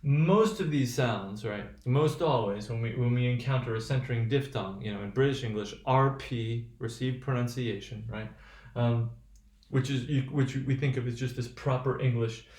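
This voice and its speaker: A man giving a recorded phonetics lecture, talking in a halting way with many fillers and restarts. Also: mid-range voice, darkish tone, reverberant. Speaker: phonetics teacher.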